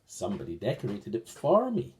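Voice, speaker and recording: A man's voice: lowish voice, huge pitch swings, fairly quick, pitched below the performer's own voice. A man voicing a cheerful, kindly male blue goblin with a long nose in a told picture story. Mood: delighted. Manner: warm-hearted, delighted exclamations.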